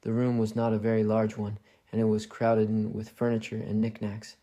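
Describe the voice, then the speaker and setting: A man narrates a classic mystery tale in a low, dark voice with a gravelly edge. He reads quietly and evenly, barely moving in pitch, as if lulling a listener toward sleep. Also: completely flat delivery, moderate pace. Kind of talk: calm storybook narration.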